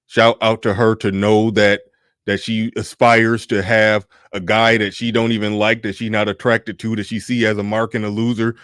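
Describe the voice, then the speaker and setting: A man's voice: lowish voice, level tone, normal speed, fairly bright tone, clean tone, no room sound, clean studio sound. A man giving a blunt, profane reaction commentary, talking animatedly and laughing often.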